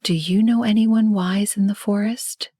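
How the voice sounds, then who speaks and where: Whispered role-play: a woman voicing a gentle, brave storybook girl, a breathy whisper pitched a little higher. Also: fairly even intonation, measured pace, no room sound, clean studio sound. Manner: gentle, soft. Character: kind, brave young girl.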